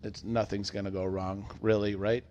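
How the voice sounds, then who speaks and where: A man's voice: lowish voice, little pitch movement, normal speed, dark tone. A man in his thirties casually telling a customer service story on a podcast, acting out the quotes.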